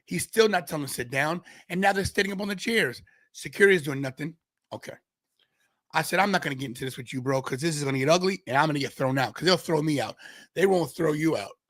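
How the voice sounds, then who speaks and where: A man from Brooklyn, hosting a podcast and telling a story with lively dialogue. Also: a little high, no echo, studio quality. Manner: acts out other people's lines in quick voices. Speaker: podcast host.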